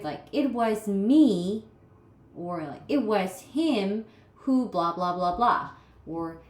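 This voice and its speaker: A woman with a Korean accent giving a recorded writing lecture, explaining patiently step by step with examples. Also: on the high side. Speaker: writing instructor. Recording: echoey room.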